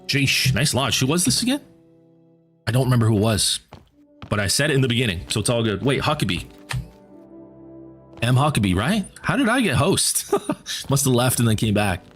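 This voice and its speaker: A man streaming a game and chatting casually with viewers, rambling and repeating words as he thinks aloud, his voice going hoarse. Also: mid-range voice, animated, brisk, pauses often, fairly bright tone, faint music behind. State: losing his voice.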